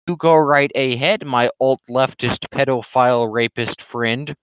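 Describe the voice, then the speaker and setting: A man voicing a condescending male online troll, raised in pitch, slow and sanctimonious. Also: a bit bright, clear, resonant tone, no room sound, close to an everyday voice, rough recording. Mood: smug lecturing.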